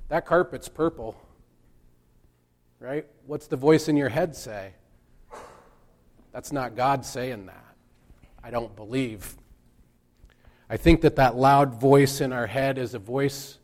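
A man giving a reflective sermon, speaking in a measured way and pausing for emphasis. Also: mid-range voice. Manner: slow, measured, with pauses for emphasis. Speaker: preacher.

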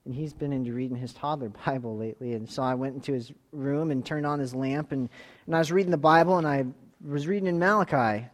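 A man preaching a sermon as pastor. He puts questions straight to the congregation, swinging between loud exhortation and quiet asides. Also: medium pitch, fast.

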